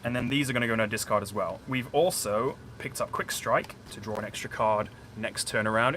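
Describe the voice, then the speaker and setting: A man from a small town outside Sheffield, England, with a South Yorkshire accent, live streams from a curtained room at home as he plays a solo board game and explains the rules. His lowish, fairly bright voice moves a little fast with few pauses, and he's chatty and rambling, thinking aloud and talking to viewers. A boiler hums faintly in the background.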